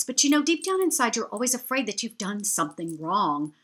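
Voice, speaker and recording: A woman telling a travel story to her viewers in a chatty, animated way. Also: medium pitch, fairly quick, hardly any pauses. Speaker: vlogger. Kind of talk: storytelling travel anecdote to camera.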